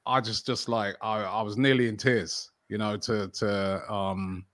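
A man's voice: on the low side, level tone, measured pace, a bit bright, dry recording. A middle-aged English man with a London accent, talking casually in an interview with many fillers and restarts. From England. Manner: chatty, frequent fillers and restarts. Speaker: football channel host, interview guest.

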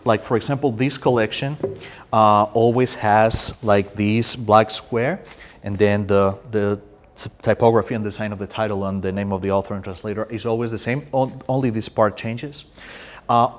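A man from Spain with a Spanish accent, a poetry translator answering audience questions, with lively storytelling and frequent restarts. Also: on the low side, normal speed. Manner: restarts often, animated storytelling. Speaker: poetry translator and guest speaker. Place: university room.

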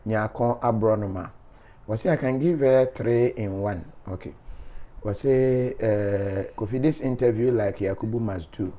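A man's voice: on the low side, moderate pace, mellow. A man, a show host reading viewer comments aloud in a playful, teasing way with frequent laughter.

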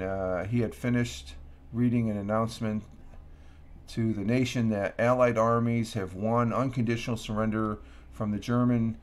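A man with a low, gravelly voice hosts a relaxed morning stream from home. He rambles through trivia and his own asides, often restarting his sentences. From Upstate New York. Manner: rambling, many restarts and fillers. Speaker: livestream host. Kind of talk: casual morning chat. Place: home room.

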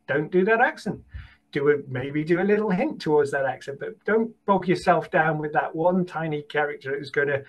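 A British man, an audiobook casting producer, giving encouraging advice in an animated way as a guest, often repeating and restarting words. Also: on the high side, fairly quick, low-quality recording. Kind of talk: conversational interview advice.

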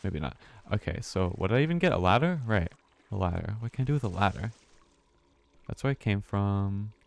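A man's voice: on the low side, expressive, fairly quick, creaky. A man streaming a horror game, talking to himself with nervous laughs and swearing. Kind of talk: casual let's-play commentary.

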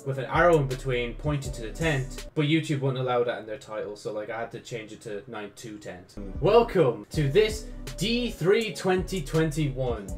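A man casually commentating on video games, joking, swearing and getting excitable. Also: mid-range voice, brisk, hardly any pauses, faint music behind. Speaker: gaming YouTuber.

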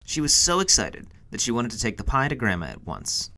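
A man's voice: mid-range voice, wildly swooping pitch, a little fast, sharp tone. A man reading a children's picture book aloud for a museum storytime, telling it expressively. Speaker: storytime reader.

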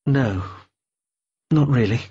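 A man voicing a calm, withdrawn older woman who speaks slowly and quietly, in a dull lo-fi recording. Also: medium pitch, slightly rough. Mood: brooding.

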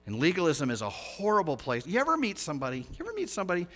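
A pastor delivering a conversational, animated sermon, swinging from hushed asides to loud emphatic lines. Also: male voice, on the high side, very fast. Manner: lively, conversational preaching with big swings in loudness.

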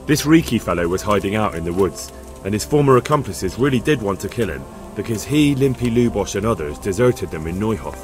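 An actor playing an earnest young commoner in a medieval video game, polite and plain-spoken. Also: male voice, on the low side, lively intonation, brisk, faint music behind, close to an everyday voice.

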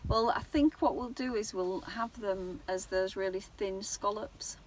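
Cheery woman chatting about cooking, mid pitch, noisy outdoors. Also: measured pace. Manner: cheerful, laughing. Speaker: vlogger cooking in a camper van. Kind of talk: casual chat. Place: camper van outdoors at a campsite.

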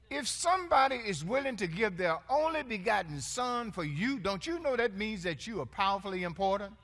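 A male pastor delivers a sermon. His voice sits high and swings widely in pitch. He calls out to the congregation, jokes, and laughs along with them. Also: big pitch swings, fairly quick, few pauses, fairly bright tone. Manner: call-and-response preaching, playful and laughing.

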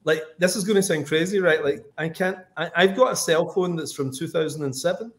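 A man's voice: a little high, fairly quick. A man with a Scottish accent, a comic book writer rambling through anecdotes on a livestream video call. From Scotland. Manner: rambling, anecdotal, lots of "like" and "you know". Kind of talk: casual livestream chat.

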